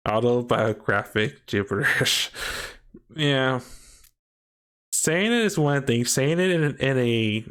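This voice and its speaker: A man's voice: medium pitch, lively intonation, slow, long pauses, fairly bright tone, slight background noise. A man casually commenting on a game he is playing, in a rambling and self-mocking way with many false starts. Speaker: gameplay streamer. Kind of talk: casual let's-play commentary.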